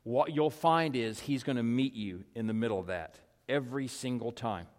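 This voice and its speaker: A man preaching a sermon in a conversational way, with rhetorical questions, repeated calls and asides. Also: mid-range voice. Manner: drops to a soft, slow, hushed delivery. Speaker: pastor. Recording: long hall reverb.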